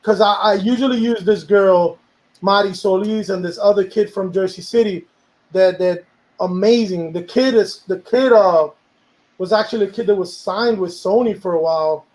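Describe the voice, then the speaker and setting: A man's voice: high-pitched, normal speed, darkish tone, low-quality recording. A man, a music producer, talking casually about making a song, rambling and slipping into Spanish now and then. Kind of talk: casual chat.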